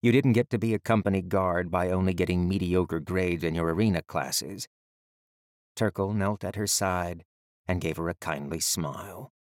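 A man reading an audiobook in measured, even storytelling narration. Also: low-pitched, dry recording, clean studio sound.

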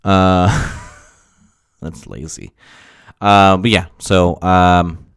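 On his casual solo podcast, the same kind of profane, rambling young host motivates himself with frequent laughs. Here his voice sits low with fairly even intonation, very slow, clear and resonant, yet worn and strained; the sound is dry, close-miked, echo-free.

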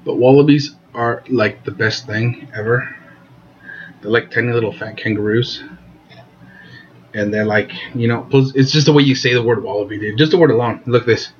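A man's voice: medium pitch, normal speed, muffled recording, a little hiss or hum. A man casually interviewing a friend in character, goofy, teasing and rambling. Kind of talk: casual improv chat.

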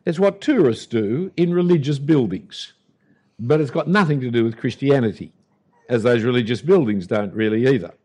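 A man's voice: medium pitch, expressive, normal speed, a little mellow. An older man with an Australian accent preaching a sermon as an Anglican pastor, emphatic and punchy, with dry humour.

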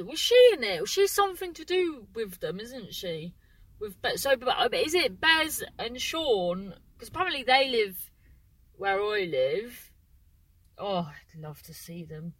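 A woman's voice: a little high, bright, forceful tone, no room sound, rough recording. A woman, hosting a casual solo podcast, rambling and breaking off her own sentences. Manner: rambling, chatty, keeps breaking off mid-sentence; exclamatory. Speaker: podcast host.

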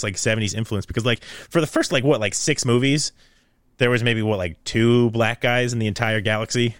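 A man's voice: medium pitch, a bit bright, no echo. Young man, casual podcast chat, rambling, laughing a lot, dry close mic. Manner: rambling, laughs often, jokey put-on voices.

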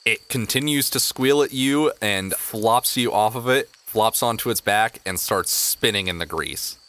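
A man narrating as game master of a tabletop game, in relaxed, playful storytelling. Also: lowish voice, measured pace.

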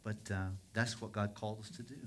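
A man's voice: lowish voice, steady tone, a little fast, a little hiss or hum. A man preaching a sermon as a pastor, in a conversational storytelling manner that circles back on itself. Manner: conversational storytelling, with frequent restarts.

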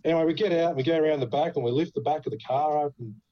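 Talking rapid-fire in a fairly high voice, this Australian podcast host chats casually through his stories, cursing freely and laughing as he goes. The audio sounds dull.

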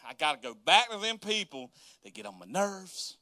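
A man preaching a sermon as pastor, animated and folksy, acting out everyday scenes with casual asides. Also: high-pitched, normal speed, no echo. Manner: animated, acts out everyday scenes in quoted voices.

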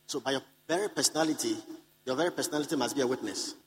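A man's voice: medium pitch, very fast, poor audio. Man preaching with insistent repetition. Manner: repeats key lines for emphasis; calls out to the congregation. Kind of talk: sermon to a live congregation. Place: conference hall.

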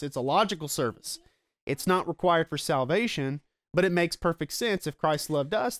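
A man preaching a sermon in an earnest, explanatory way, slowing down to stress his key points, a parent himself. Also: fairly high pitch, dry recording, studio quality. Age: adult with children. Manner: earnest, explanatory, slows down for emphasis. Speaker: pastor.

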